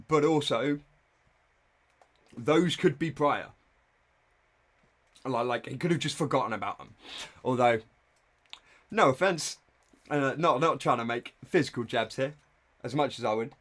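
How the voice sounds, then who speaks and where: A young man reacting live on stream, in a middle-pitched voice. He talks in a loose, irreverent and blunt way, like live commentary. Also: unhurried, long pauses, fairly bright tone.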